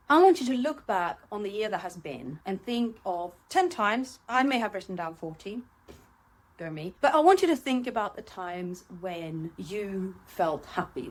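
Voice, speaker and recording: A middle-aged woman hosting a reflective solo podcast, candid and animated, talking from her home. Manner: candid and animated, voice jumps high when acting out her own thoughts. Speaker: podcast host. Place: seated at home.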